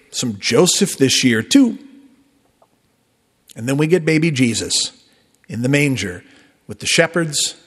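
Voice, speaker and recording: A male pastor preaching a sermon in a conversational way, with emphatic rises and soft drops. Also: fairly high pitch. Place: church sanctuary. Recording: long reverb of a church.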